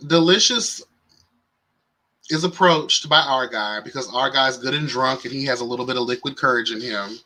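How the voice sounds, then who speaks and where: A man's voice: mid-range voice, a little slow, pauses often, rough recording. A young man hosting a live reality show recap in casual, campy commentary, with sass, slang. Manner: sassy, campy, animated with slang and exclamations.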